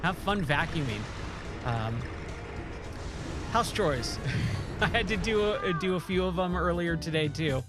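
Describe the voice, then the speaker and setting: A man's voice: fairly high pitch, lively intonation, measured pace, long pauses, over music. A man from southern California chatting casually as a stream host while gaming, rambling with lots of fillers and answering chat. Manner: rambling, filler-heavy, reads chat aloud.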